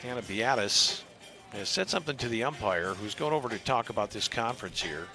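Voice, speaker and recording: A man giving live play-by-play commentary on a softball game, measured and analytical, at times rising to shouts on big plays. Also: medium pitch, lively intonation, music in the background. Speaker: play-by-play announcer.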